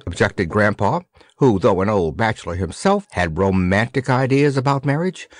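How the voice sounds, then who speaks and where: A man narrating a children's storybook aloud in an expressive storytelling manner. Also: on the low side, normal speed, no echo. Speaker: audiobook narrator.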